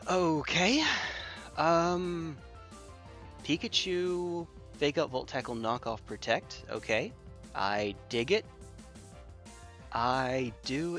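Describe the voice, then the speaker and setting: A man chats casually as he streams online battles, joking and thinking aloud while he repeats himself. His delivery is unhurried, but his pitch swings widely. Faint music plays behind him. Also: a bit bright. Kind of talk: casual livestream commentary.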